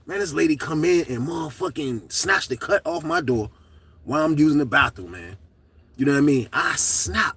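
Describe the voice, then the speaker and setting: A middle-aged man telling a story to camera in a casual, profane, animated way, shouting at the high points. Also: breathy edge, recorded from a distance.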